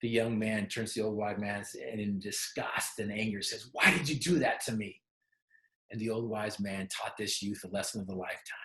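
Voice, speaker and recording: A man's voice: lowish voice, flat delivery, fairly quick, hardly any pauses, fairly bright tone. A man giving a motivational talk who tells a story and asks the audience questions directly. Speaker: motivational speaker. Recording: roomy echo.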